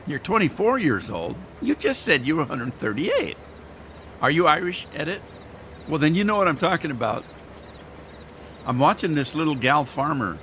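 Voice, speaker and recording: Male gaming streamer, folksy and rambling, scratchy throat he keeps clearing, casual live chat. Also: medium pitch, pushed and bright. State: throat irritated, clearing throat often. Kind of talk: casual chat to live viewers while playing.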